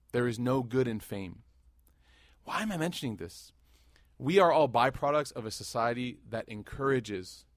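Animated man in his thirties preaching. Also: mid-range voice, no room sound, clean studio sound. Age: 30s. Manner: animated, jokes and rises loud in anecdotes, hushed and earnest in devotion. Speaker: Muslim preacher. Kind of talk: sermon with storytelling.

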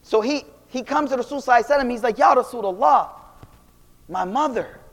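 A young man giving a casual, animated Islamic talk full of slang, swinging between loud and quiet. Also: extremely high pitch, fast talker. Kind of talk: casual storytelling lecture. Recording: long reverb of a hall.

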